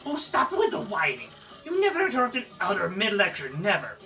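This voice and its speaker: A gameplay narrator voicing a stern old female village elder who scolds loudly, with game music behind. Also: mid-range voice, wildly swooping pitch, a little fast, distant mic, voice pushed up, full character voice, poor audio. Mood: scolding. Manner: shouting, scolding.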